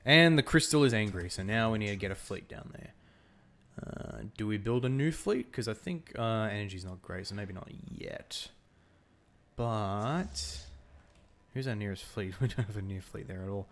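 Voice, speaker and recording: A man's voice: fairly low pitch, expressive, moderate pace, a bit bright. A young Australian man chatting casually while streaming a strategy game, laughing often and answering his chat. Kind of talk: casual gameplay commentary with chat.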